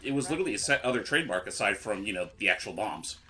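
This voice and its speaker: A man co-commentating a game with friends, dropping quick dry quips. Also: lowish voice, expressive, bright, forceful tone. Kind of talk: casual chat.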